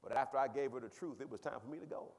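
A male pastor preaching a sermon, talking with the congregation and swinging from quiet asides to loud, high exclaims, with quick repeats of words. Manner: conversational, asks the congregation questions.

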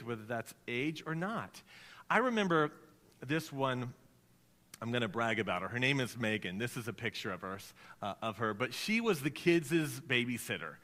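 A male pastor preaches in a bright, ringing tone, recorded in a hall where the reverb trails on after each phrase. He tells stories with animation and puts on the voices of the people in them. He sits a little higher than most men. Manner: storytelling, animated, acts out quoted voices. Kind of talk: sermon.

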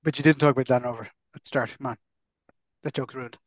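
An Irish man co-hosting a podcast in casual, jokey chat, quick to slip into silly voices. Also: mid-range voice, fairly even intonation, dry recording, lo-fi sound. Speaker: podcast co-host.

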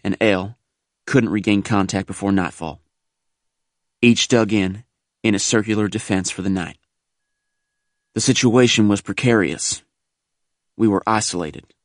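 Low-voiced man narrating gravely. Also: no room sound, clean studio sound. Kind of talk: scripted audiobook narration.

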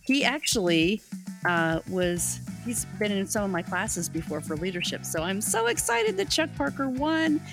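A woman's voice: mid-range voice, big pitch swings, moderate pace, creaky, music in the background. A woman hosting a casual live stream on leadership, upbeat and enthusiastic and often laughing.

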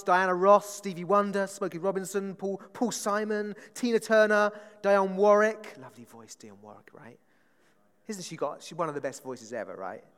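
A man preaching a conversational sermon, often checking in with the congregation with a quick "right?". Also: sits high, a bit bright, clean tone, big-room sound.

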